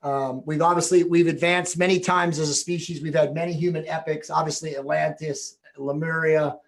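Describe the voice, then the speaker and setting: A man with a rather high voice hosts a loose spiritual conversation. He rambles through his questions and leans on fillers like "um" and "you know." His delivery is casual and unhurried. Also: level tone, vocal fry. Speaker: podcast host.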